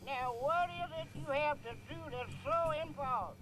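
An actor playing a gruff, goofy old grandmother who nags and scolds in a video game cutscene. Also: sits high, moderate pace, music in the background, natural voice. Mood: scolding. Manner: nagging, disapproving.

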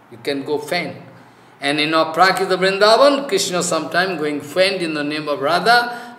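Male preacher, halting and filler-heavy, bright tone, recorded in an echoey room. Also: fairly high pitch. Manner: halting, many "you know" fillers, broken English. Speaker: spiritual teacher. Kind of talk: devotional sermon.

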